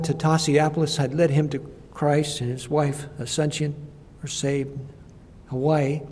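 An older man delivers a sermon as a missionary preacher, his voice husky and mellow yet fairly high for a man. He tells stories in a halting, reflective way, and a long hall reverb trails each phrase.

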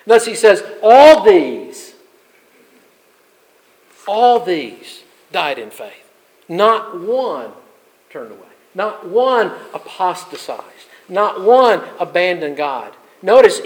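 A man preaching a sermon as pastor, building emphatic peaks and dropping to soft asides. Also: sits high, poor audio.

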